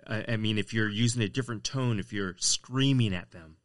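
A man's voice: lowish voice, fairly quick, dry recording, studio quality. A man hosting an interview, asking long, rambling questions in a casual way. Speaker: interviewer host.

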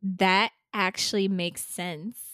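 Bright-toned woman co-host, playful and hammy, dry close sound. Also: slow, dry recording. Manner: animated, playful pitch-person exaggeration. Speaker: podcast co-host. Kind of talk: comedic sibling banter.

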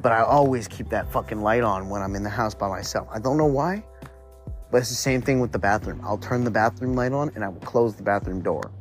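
A man's voice: on the low side, fairly quick, soft background music. A man hosting a podcast, telling a spooky personal story in a rambling, profane, conversational way. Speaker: podcast host.

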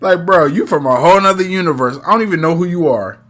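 A man co-hosting a casual podcast, recapping an episode with profane, animated storytelling and quick mimicry of characters. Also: a little high. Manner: animated, profane, acts out lines. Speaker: podcast co-host.

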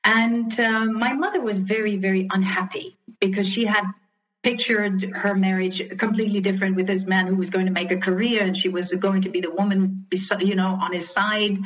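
A woman's voice: mid-range voice, steady tone, normal speed, fairly bright tone. Earnest woman in her fifties recounting her past. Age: 50s. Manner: earnest, reflective, frequent ums and restarts. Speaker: interview guest. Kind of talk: personal storytelling in an interview. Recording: dull lo-fi sound.

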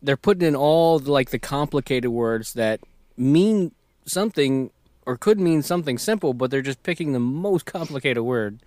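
A man in his thirties chats loosely on a podcast, often breaking into chuckles. His voice sits at an ordinary middle pitch. The sound is dry and close, with no room around it. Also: expressive, normal speed, darkish tone, no echo. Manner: laid-back, chuckles often. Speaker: podcast co-host. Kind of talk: casual chat.

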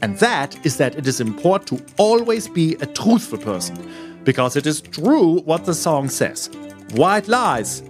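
A man's voice: on the high side, big pitch swings, a little slow, faint music behind. A man acting in a sitcom, talking in quirky, mangled English idioms. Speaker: lead of a comedy series.

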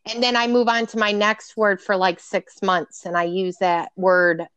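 A woman's voice: medium pitch, little pitch movement, unhurried, a bit bright, clear, resonant tone, no echo. A woman co-hosting a casual podcast chat, giving short, dry replies. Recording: dull, dry sound.

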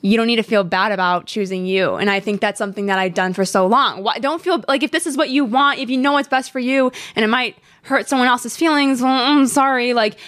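A young woman hosts her podcast in a candid, chatty way, telling personal stories with lively asides to her listeners. Her voice sits a little high. The sound is dry and close, with no room echo. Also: a little fast, hardly any pauses. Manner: chatty, candid, animated storytelling. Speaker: podcast host. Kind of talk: casual chat.

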